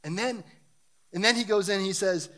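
A man's voice: high-pitched, fairly quick, a bit bright. A man preaching a sermon and reading scripture, talking in an earnest, emphatic way that builds in intensity.

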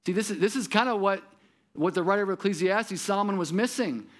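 A man preaching a sermon who speaks straight to his listeners and drops soft and low for his solemn points. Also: quick pace. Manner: repeats words when he restarts, talks straight to the listener. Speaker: pastor.

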